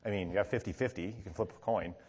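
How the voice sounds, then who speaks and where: A pastor delivers a conversational teaching sermon in a low, slightly rough voice at a racing pace. He keeps checking in with the congregation with frequent "okay?" prompts and stresses key words with animation. A long hall reverb trails his words.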